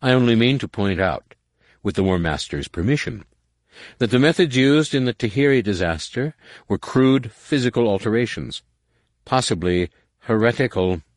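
Man doing a smooth sly alien courtier, ingratiating, raised pitch, dry close sound. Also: expressive, normal speed, dry recording, lightly acted.

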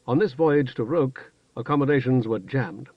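A man narrating a fantasy novel in a measured, even storytelling manner. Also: mid-range voice, no room sound. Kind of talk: audiobook narration. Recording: dull, dry studio recording.

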